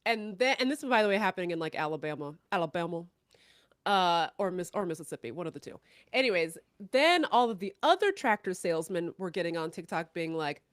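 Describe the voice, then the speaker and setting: A woman co-hosting a podcast who tells stories in animated, casual chat, laughing often and swearing casually. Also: lowish voice, fairly quick, no room sound, clean studio sound. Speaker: podcast co-host.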